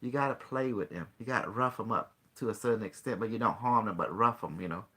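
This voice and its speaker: A man's voice: on the low side, quick pace, fairly bright tone, husky. A man hosting a call-in show, talking casually in a rambling, boastful way. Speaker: show host.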